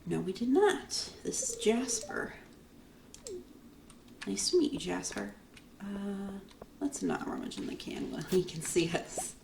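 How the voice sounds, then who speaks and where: A woman's voice: mid-range voice, very animated, unhurried, creaky, long pauses, background noise. Chatty woman narrating her gameplay. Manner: chatty, explaining as she plays. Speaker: let's play host. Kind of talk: casual gameplay commentary. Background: game music.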